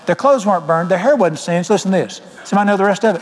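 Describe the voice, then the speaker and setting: Southern male pastor, folksy emphatic sermon, high voice, long hall reverb. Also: very fast, few pauses.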